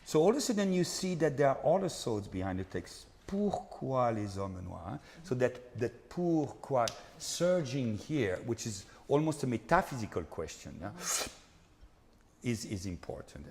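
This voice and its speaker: Earnest conductor coaching singers in a hall. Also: male voice, mid-range voice, very animated, measured pace, a little mellow. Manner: earnest, repetitive coaching with frequent tag questions. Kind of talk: master class coaching. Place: concert hall. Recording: hall reverb with faint background noise.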